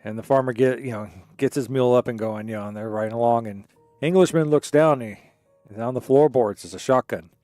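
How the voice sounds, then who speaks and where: A man's voice: mid-range voice, fairly quick, dark tone, dry recording, faint music behind. A man hosting a game stream in casual chat, telling jokes in a rambling, digressive way. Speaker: gaming streamer. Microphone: streaming microphone.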